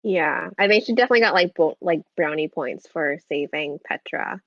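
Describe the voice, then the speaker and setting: A woman's voice: low-pitched, lively intonation, normal speed, dry recording. A woman co-hosting a book club podcast, chatting casually with lots of fillers and checking for agreement. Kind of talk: casual chat. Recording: dull, dry lo-fi sound.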